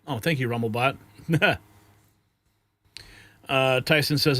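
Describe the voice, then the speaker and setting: A man's voice: medium pitch, fairly even intonation, moderate pace, long pauses, bright, forceful tone, no echo. A man hosting an online news show, delivering scripted commentary in short, punchy, dramatic sentences and reading viewer comments aloud.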